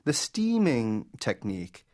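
A man's voice: mid-range voice, wildly swooping pitch, takes it slowly, darkish tone. A man, a food editor, explaining a recipe in an enthusiastic, chatty way during a radio interview.

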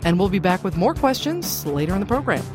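A woman hosting a radio money call-in show, conversational and lively. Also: mid-range voice, quick pace, over music. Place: radio studio.

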